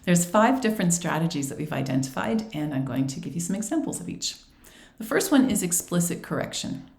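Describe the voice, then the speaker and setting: A woman giving an instructional presentation on feedback for language teaching, speaking clearly and patiently, acting out short teacher and student exchanges. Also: on the low side, a little mellow, echoey room. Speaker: ESL teacher trainer.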